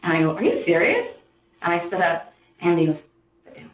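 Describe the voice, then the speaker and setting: A woman recounts events to an interviewer, rambling and acting out the quotes. Her voice sits a little low, and the archival recording is tinny and echoey. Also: flat delivery, brisk. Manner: rambling retelling, acts out quotes.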